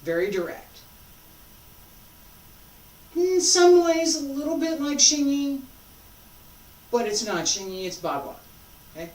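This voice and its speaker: A woman instructor leading a martial arts practice, giving calm, repeated cues and asking questions as she demonstrates. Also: high-pitched, takes it slowly, long pauses. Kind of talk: teaching while demonstrating. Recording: echoey room, voice from a distance.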